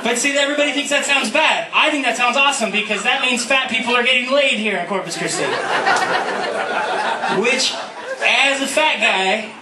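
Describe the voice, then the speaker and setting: High-voiced man doing stand-up in a club. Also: normal speed. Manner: self-deprecating, punchy. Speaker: stand-up comedian. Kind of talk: stand-up comedy set. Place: comedy club. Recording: echoey club recording from far off, noisy.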